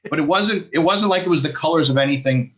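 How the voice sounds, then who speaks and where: A man's voice: on the high side, fast, fairly bright tone, lo-fi sound. An American man from New York, a comedian guest, chatting casually and telling dry, self-deprecating stories. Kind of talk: casual chat, anecdotes.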